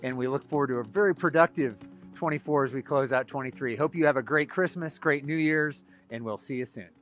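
A man's voice: mid-range voice, brisk, a bit bright, faint music behind. A man leading a city video update in an upbeat, promotional way. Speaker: city leader hosting the update.

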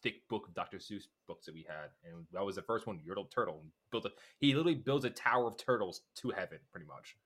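A man's voice: fairly low pitch, expressive, fast talker, hardly any pauses, a bit bright. A man from New Jersey co-hosting a casual TV recap podcast, chatty and eager, jumping in over the others. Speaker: podcast co-host.

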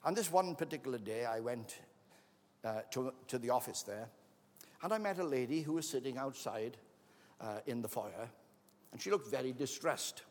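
A man's voice: medium pitch, animated, normal speed. Man preaching in an echoing hall. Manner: anecdotal, acts out quoted voices. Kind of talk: sermon with storytelling. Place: church hall. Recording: long reverb of a large hall.

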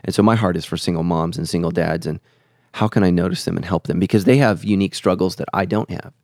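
A man's voice: low-pitched, quick pace, a little mellow, dry recording, studio quality. A man who is a pastor and podcast host, teaching in an earnest, preacherly way and repeating phrases for emphasis.

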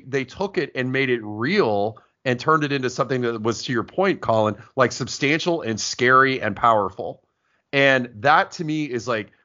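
A middle-aged man hosting a casual movie talk podcast. He tells long, talkative stories. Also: medium pitch. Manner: talkative, animated storyteller. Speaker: podcast host. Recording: dull lo-fi sound.

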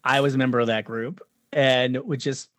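A man's voice: medium pitch, little pitch movement, normal speed, fairly bright tone, no room sound. A man in his forties, a guest filmmaker on a casual podcast chat, telling stories with animation, acting out quotes and laughing often. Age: 40s.

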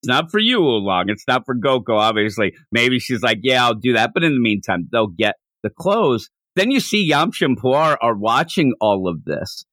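A man hosting a podcast, recapping a comic chapter in casual chat with a rambling, animated way of telling it. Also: mid-range voice, moderate pace, few pauses, no echo. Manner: rambling, animated retelling with frequent restarts. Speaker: podcast host.

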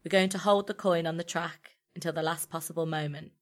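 A bossy teenage boy barking instructions at his mates, as a woman narrator reads him. The voice sits on the lower side, commanding and emphatic, in a storybook reading. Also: fairly even intonation, fairly quick, close to an everyday voice.

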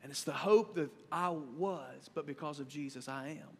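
A man in his thirties preaching a sermon as pastor, conversational and animated, swinging between loud and quiet. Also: a little high, moderate pace, creaky, a little hiss or hum. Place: church sanctuary. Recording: long reverb of a church hall.

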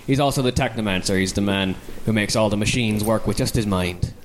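A man introducing his tabletop character in a measured, fairly fluent way with a few fillers. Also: fairly low pitch, slight background noise. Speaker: tabletop game player.

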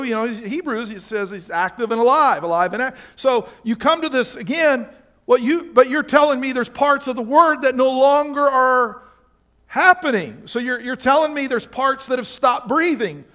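Male pastor, high pitch, emphatic sermon delivery with pointed questions. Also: a bit bright. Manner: emphatic preaching with rhetorical questions.

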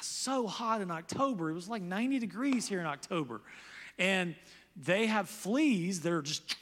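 A man preaching a sermon as pastor, animated, loudly acting out the people he quotes. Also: high-pitched, in a large hall.

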